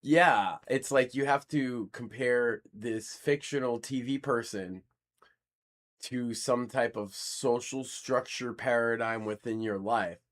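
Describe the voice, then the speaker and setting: A man's voice: mid-range voice, slow. Man co-hosting a casual chat show. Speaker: podcast co-host.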